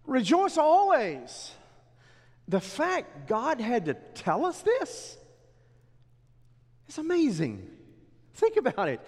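A middle-aged male pastor preaching a sermon in a church, dropping low and then rising to emphatic exhortation. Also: wildly swooping pitch, slow pace, pauses often, slightly rough. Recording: long hall reverb.

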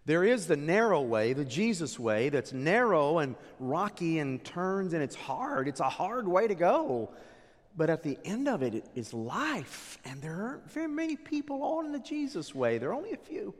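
Male pastor delivering a dramatic sermon, high-pitched and wildly swinging between loud declarations and hushed asides, long hall reverb. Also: sing-song, normal speed.

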